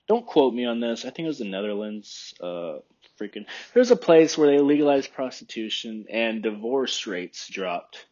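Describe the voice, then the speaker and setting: A man in a casual monologue, thinking out loud at an unhurried pace and often stopping to question what he just said. His voice sits in an ordinary middle range. The recording is dull and lo-fi. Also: medium pitch. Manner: rambling, thinking aloud, self-questioning.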